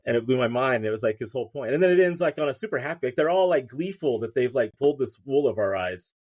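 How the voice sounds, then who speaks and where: A man's voice: medium pitch, lively intonation, fast talker, darkish tone. A man, a writer guest on a podcast, telling a story in casual chat, rambling with fillers and restarts.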